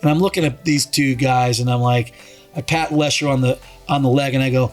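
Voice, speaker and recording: A man in a middle pitch chats casually as a podcast guest. He rambles through a story, restarts sentences, and acts out what other people said. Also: fairly even intonation, brisk, soft background music.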